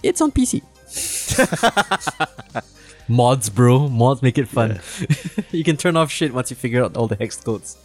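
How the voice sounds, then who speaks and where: A man's voice: mid-range voice, slow, pauses often, soft background music. A man co-hosting a podcast in casual chat, rambling, swearing and laughing often. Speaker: podcast co-host.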